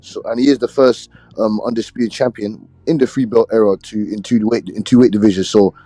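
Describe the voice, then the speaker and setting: A man's voice: on the low side, steady tone, warm tone, no echo. Laid-back man with a middle voice. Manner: laid-back, drawn-out, filler-heavy. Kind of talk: casual boxing chat.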